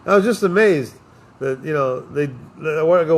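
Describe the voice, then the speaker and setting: A man's voice: on the high side, a little fast. A man hosting a podcast who talks in a loose, rambling way, mixing big ideas about history and love with jokes and lots of fillers. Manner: philosophical, joking, with many fillers. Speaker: podcast host. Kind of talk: casual rambling talk.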